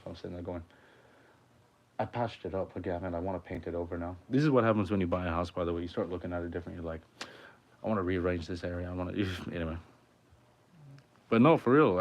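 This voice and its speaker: Male streamer-musician, deep voice, rambling, profane, off-the-cuff home chat. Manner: rambling, heavy swearing. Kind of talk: casual livestream chat. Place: his home.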